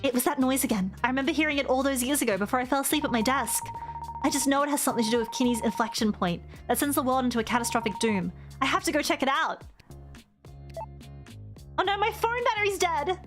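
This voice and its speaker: A woman's voice: sits high, lively intonation, fast talker, over music. A woman voicing a timid young office worker heroine in a game, nervous and earnest as she works up her courage. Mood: determined. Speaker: streamer voicing game characters.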